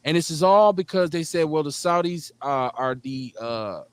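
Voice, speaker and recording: A man's voice: fairly high pitch, moderate pace, smooth. A man hosting a radio talk show with a Milwaukee accent, telling long stories and acting out the people in them. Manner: storytelling, animated, acts out the people in his stories. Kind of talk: casual chat.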